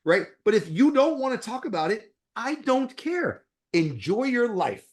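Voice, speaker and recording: A middle-aged man from Florida speaks bluntly and profanely as an interview guest. His voice swings widely up and down in pitch as he plays out both sides of his chats with patients. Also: measured pace. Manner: blunt, profane, animated, acts out quoted exchanges. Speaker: dentist and guest.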